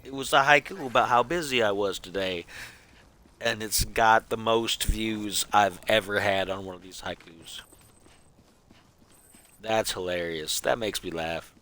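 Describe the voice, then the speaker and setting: A man's voice: lowish voice, measured pace, sharp tone. A man streaming a game, chatting casually in a goofy, rambling way and chuckling at his own jokes. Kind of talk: casual live gameplay chat.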